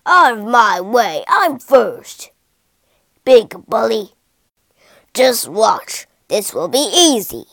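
Lady doing a big loud bully elephant, all brag and bluster, voice dropped low, dry close sound. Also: big pitch swings, very slow, gravelly, no room sound, heavily acted. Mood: boastful. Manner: loud, bragging.

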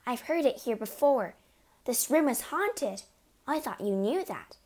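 A woman's voice: sits high, expressive, a little slow, a little mellow, voice pushed up. A woman voicing a bold, clever young girl who talks eagerly and playfully.

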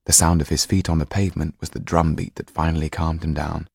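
A man's voice: a bass voice, level tone, fairly quick, gravelly, a little mellow, slightly rough, no echo, clean studio sound. A man narrating a storybook audiobook expressively, shifting into voices for the characters.

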